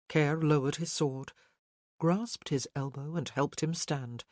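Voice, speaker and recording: An audiobook narrator telling a historical romance in a measured, even way. The pitch sits in the middle, and the recording is close and completely dry. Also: no room sound.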